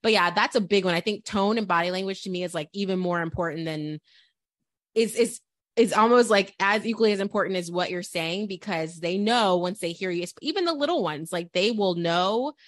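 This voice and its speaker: A young adult woman, a mother co-hosting a parenting podcast, talking in an animated storytelling way with many quick asides. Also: medium pitch, no room sound, studio quality. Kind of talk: casual chat.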